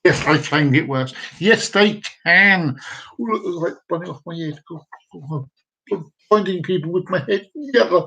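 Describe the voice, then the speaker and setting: Host, male, high-pitched voice, chatty and rambling, cracking corny jokes on a home live stream. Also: animated, moderate pace, gravelly, a bit bright, poor audio. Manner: jokey, rambling, repeats himself. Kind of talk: casual live-stream chat. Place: downstairs room at home with dogs.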